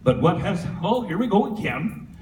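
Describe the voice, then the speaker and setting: Animated man telling stories at a eulogy. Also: high-pitched, moderate pace, a crowd in the background. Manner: lively, joking storyteller who chuckles often. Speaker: son giving a eulogy. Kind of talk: humorous memorial tribute. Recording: echoey hall from far off with faint room noise.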